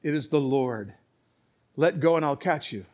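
The Lord speaks in a calm, steady, even voice, as a preacher plays him in a joke. He is unhurried and plain. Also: fairly high pitch, natural voice.

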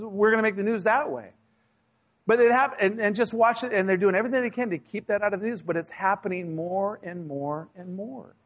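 High-voiced man preaching a sermon. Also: a bit bright. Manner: humorous, conversational preaching with acted asides. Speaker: pastor. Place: church sanctuary.

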